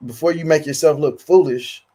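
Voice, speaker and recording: A man's voice: on the high side, moderate pace, crowd noise. A man speaking emphatically in street slang during a casual panel talk, often repeating words as he starts a point.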